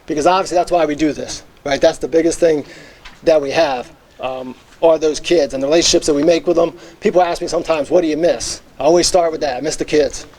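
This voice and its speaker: Earnest middle-aged man, fairly high voice. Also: steady tone, quick pace, darkish tone. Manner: earnest, reminiscing, many fillers. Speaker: hall of fame inductee, former teacher and football coach. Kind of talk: acceptance speech.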